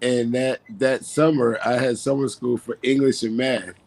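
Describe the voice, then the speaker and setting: Casting: man in his fifties, blunt, joking, mid-low pitch. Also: little pitch movement, normal speed, gravelly, a little mellow, a little hiss or hum. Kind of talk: casual chat.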